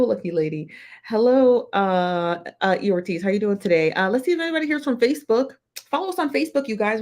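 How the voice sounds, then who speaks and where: A woman's voice: medium pitch, a little mellow. A woman hosting a casual live-stream reaction show, chatty and slangy, greeting viewers by name one after another. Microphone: desk mic, close.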